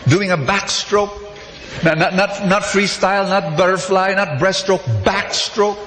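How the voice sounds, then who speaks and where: A demanding restaurant customer voiced by a man in a sermon story savors every gross detail of his order. His voice sits a little high and moves slowly and deliberately. The room around him rings with a long echo. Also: a bit bright. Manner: emphatic, relishing disgusting details. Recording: echoey hall, faint noise.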